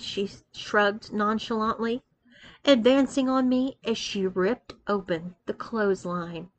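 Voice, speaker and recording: A woman's voice: mid-range voice, slow. A woman reading a first-person story aloud, moving expressively between narration and dialogue. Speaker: story reader.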